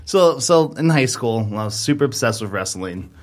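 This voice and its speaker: A man's voice: mid-range voice, lively intonation, moderate pace. A man in his thirties, a podcast co-host, telling a long rambling story in casual chat, full of fillers.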